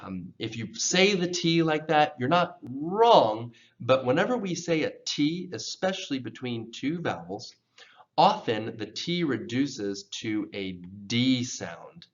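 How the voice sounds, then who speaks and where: A man teaching English pronunciation, patiently repeating words slowly for learners to copy. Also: mid-range voice, expressive, highs cut off. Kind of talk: pronunciation lesson.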